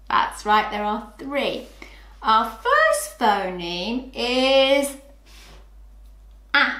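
A woman teaching young children phonics, sounding out letters clearly and asking them to join in. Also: sits high, sharp tone, echoey room. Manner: slow, sing-song, clearly sounds out letters. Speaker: early years phonics teacher.

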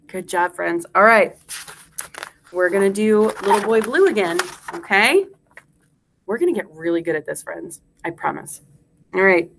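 A woman's voice: medium pitch, expressive, takes it slowly, creaky, pauses often, husky. A woman teacher leading a phonics lesson for young children, speaking in a sing-song way and drawing out each sound.

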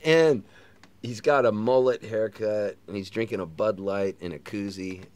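A man's voice: on the low side, unhurried. Middle-aged man telling stories animatedly. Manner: animated storyteller who sings and acts out other people's lines. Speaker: interview guest, touring singer-songwriter. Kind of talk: casual storytelling chat.

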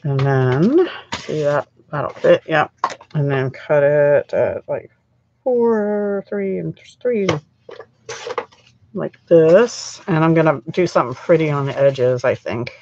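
A woman's voice: low-pitched, animated, takes it slowly, dull audio. A middle-aged woman hosting a live crafting stream, chatting in a rambling way as she works, her throat still scratchy from a cold. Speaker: craft channel host.

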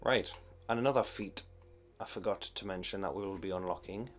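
A man's voice: deep voice, fairly quick. A man with a Geordie accent giving casual, self-mocking let's-play commentary full of crude jokes. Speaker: gameplay commentator.

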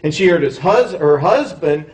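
A man's voice: on the high side, animated, normal speed, darkish tone. A man, a history professor, giving a public lecture, talking in a discursive way with frequent restarts and self-corrections. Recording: roomy hall, mic at a distance.

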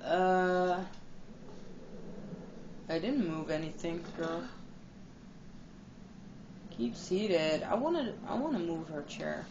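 A woman giving casual, excitable let's-play commentary while she plays, teasing and swearing. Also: mid-range voice, takes it slowly, long pauses, a little hiss or hum, poor audio. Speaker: gamer playing and commenting. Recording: game music playing behind.

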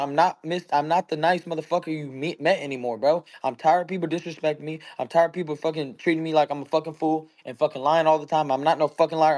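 A young man in his twenties talks in a brash, heated rush, cursing at every turn as he hosts a casual voice chat. His voice sits a touch high for a man, and he sounds fired up. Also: a little mellow. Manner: brash, heated, swears constantly. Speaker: host of the audio chat room.

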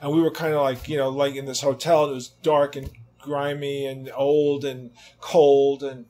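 A man in his sixties, an interview guest telling casual anecdotes in an animated way, swearing freely and acting out the people he quotes. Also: medium pitch, moderate pace. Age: 60s. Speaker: interview guest, rock guitarist.

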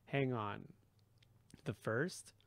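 A wry, blunt teenage boy who fires off quick questions in a slightly raised, gravelly voice, as a male reader puts him on. The sound is close and dry, with no echo. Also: medium pitch. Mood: curious. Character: sarcastic teenage boy hero, blunt and curious.

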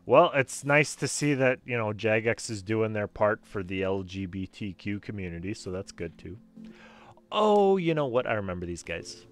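A man's voice: fairly low pitch, very animated, moderate pace, faint music behind. A young Canadian man streaming a video game, joking around, laughing and swearing casually.

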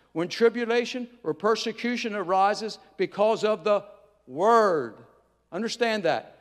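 A man's voice: high-pitched, in a large hall. A man preaching a sermon as pastor, folksy and emphatic, repeating key phrases for effect. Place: church.

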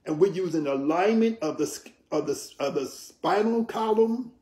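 A man explains yoga practice to an interviewer in a measured, teacherly way. He often pauses to check in with "right?". His voice sits a little high and rings in a roomy space. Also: animated, dark tone. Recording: roomy echo.

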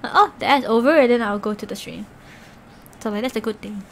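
A woman's voice: fairly high pitch, a little fast, fairly bright tone. A woman streamer talking casually with her chat, rambling with lots of filler words and laughs.

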